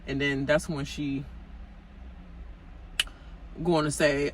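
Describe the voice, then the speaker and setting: A woman's voice: deep voice, expressive, slow pace, pauses often, fairly bright tone, slight background noise, low-quality recording. A woman vlogger recapping a reality show in a casual, gossipy rant, full of fillers and asides aimed at the cast. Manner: gossipy and chatty, many fillers, talks straight to cast members.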